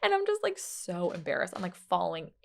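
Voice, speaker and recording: A young woman chats as a podcast guest, her voice swinging widely up and down as she tells a funny family story. There is a slight gravelly edge to her tone, and she laughs often and plays out the voices of the people in her story. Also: on the low side, brisk. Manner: animated, laughing, acts out quoted voices. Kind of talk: casual storytelling chat.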